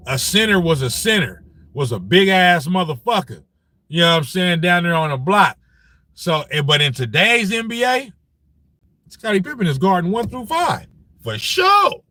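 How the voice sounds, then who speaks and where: On a casual live-stream sports talk show, a man hosts and reads the live chat, animated and profane, frequently saying "you know what I'm saying." His voice sits on the high side, with no room sound.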